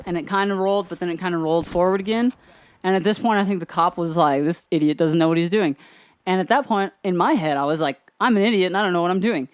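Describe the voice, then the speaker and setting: Young man, casual rambling storyteller, smooth tone, dry close sound. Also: sits high, no room sound. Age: young adult. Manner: rambling, chatty, quotes others with "he was like". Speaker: gaming channel host.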